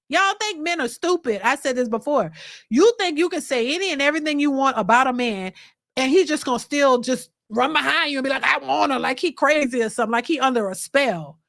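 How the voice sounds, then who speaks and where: A woman with a high voice talks straight to her viewers in a casual, blunt way. She lectures them with emphasis and mocks others by quoting them. Her voice sounds close and dry. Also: animated, brisk, fairly bright tone, no echo. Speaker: reaction channel host. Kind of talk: casual commentary to a live chat.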